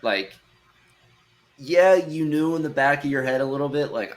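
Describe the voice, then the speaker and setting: A man's voice: fairly high pitch, moderate pace. A young man co-hosting a podcast in a loose, rambling casual chat. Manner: loose, rambling, uses lots of fillers. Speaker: podcast co-host.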